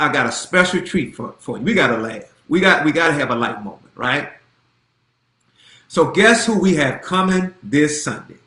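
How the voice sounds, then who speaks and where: A man in his fifties speaks as a pastor, chatty and folksy, repeating phrases as he goes. His voice sits a little high and sounds bright. The room around him is echoey. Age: 50s. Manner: animated, repeats himself, folksy. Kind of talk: casual church announcement.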